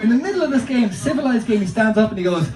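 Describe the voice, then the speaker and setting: A man with a fairly high, very animated voice works through a stand-up set, telling loose, rambling stories with plenty of swearing. He sounds distant from the mic in a roomy space, with clear noise underneath. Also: very fast, some chatter behind. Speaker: stand-up comedian. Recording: roomy, distant, noisy live recording.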